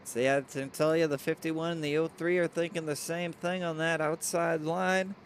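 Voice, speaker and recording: A man doing excitable play-by-play race commentary with hiccups, reading viewer chat aloud. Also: fairly high pitch, normal speed, a little hiss or hum.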